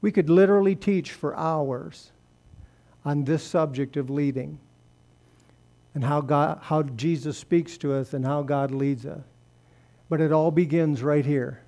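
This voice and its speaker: A man preaching a sermon in a church service, speaking earnestly and dropping soft when he prays. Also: a little high, steady tone, unhurried. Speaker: pastor. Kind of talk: sermon and closing prayer.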